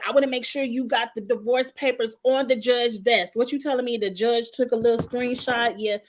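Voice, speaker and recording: A woman's voice: fairly high pitch, brisk, hardly any pauses. A woman. She recaps reality TV in loose, chatty commentary. She often turns to address the cast members directly with sassy, gossipy asides. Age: 40s. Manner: gossipy, sassy, talks straight to the people she discusses.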